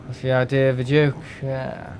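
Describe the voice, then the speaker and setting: A man's voice: medium pitch, monotone, moderate pace, very noisy. A man chatting bluntly on a live game stream, rambling, joking and swearing freely.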